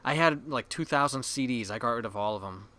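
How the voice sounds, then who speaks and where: A man's voice: mid-range voice, fairly quick, sharp tone. A man from the Boston area with a Boston accent, co-hosting a casual podcast chat, crude and self-mocking, laughing often. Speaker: podcast co-host. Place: basement room.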